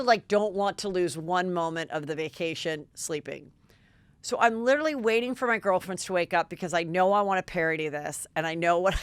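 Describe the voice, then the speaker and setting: A middle-aged woman hosting a podcast, telling gossipy stories in a lively, chatty way. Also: lowish voice, clear, resonant tone, no echo. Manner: gossipy, animated, quick asides. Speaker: podcast host. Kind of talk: casual chat.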